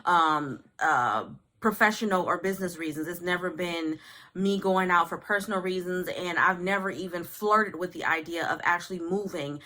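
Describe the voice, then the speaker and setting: A woman's voice: lowish voice, moderate pace, bright, forceful tone. A woman in her thirties from California, chatting casually to her viewers about news and benefits and often adding "okay". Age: 30s. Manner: chatty, addresses viewers as y'all, repeats okay. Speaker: news vlogger.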